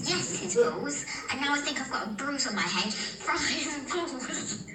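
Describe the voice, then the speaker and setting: A man voicing a cheeky, foul-mouthed twelve-year-old girl with an Irish accent, in a high squeaky falsetto, complaining in a drawn-out, indignant way. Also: animated, distant mic, a crowd in the background. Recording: echoey live room from afar, noisy.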